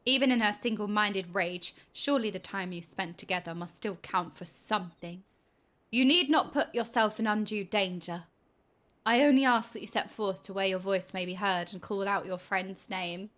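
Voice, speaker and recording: Woman reading out a solemn elf advisor in a game, hushed and earnest, kinda bright tone. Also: medium pitch, normal speed, voice pushed down, lightly acted.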